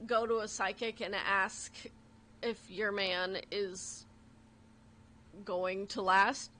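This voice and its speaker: A woman's voice: medium pitch, little pitch movement, slow, pushed and bright, slight background noise. A woman co-hosting a radio show in a studio, chatty and self-deprecating, giggling often. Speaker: radio co-host. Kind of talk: casual studio chat.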